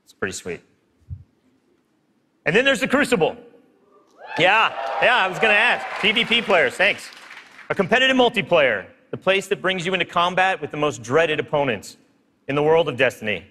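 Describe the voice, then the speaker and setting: This game studio presenter's voice sits high, very animated and bright with a forceful tone, at a moderate pace broken by long pauses, plus a little hiss or hum. He hypes up a live keynote audience from the stage of a large hall. The live stage audio has a long hall reverb.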